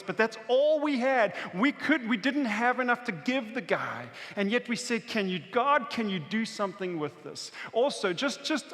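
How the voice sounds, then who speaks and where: A man preaching a sermon as pastor, telling a story vividly and swinging between intense outbursts and hushed moments. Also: sits high. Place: church auditorium. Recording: church hall reverb.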